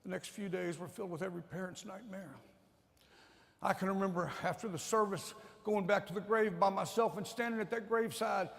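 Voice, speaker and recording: Testimony speaker: man, fairly high voice with gravel, emotional storytelling, long church-hall reverb. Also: fairly even intonation, fairly quick. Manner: emotional storytelling, swings from loud to hushed. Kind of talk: sermon testimony. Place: church sanctuary.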